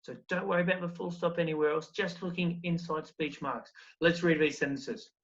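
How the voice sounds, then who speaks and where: A fairly high-voiced man teaching a recorded primary school lesson, coaxing along with one question after another. The sound is a touch dull and lo-fi. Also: steady tone, brisk, a bit bright. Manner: encouraging, explains step by step with questions.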